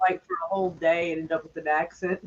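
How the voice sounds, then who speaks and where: A woman's voice: fairly low pitch, flat delivery, quick pace, muffled recording. A woman hosting a casual chat, rambling and laughing often. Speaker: streamer host.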